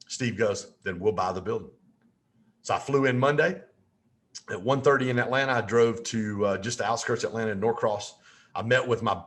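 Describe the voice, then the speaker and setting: A man telling a lively story as a podcast guest, with folksy asides. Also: fairly low pitch.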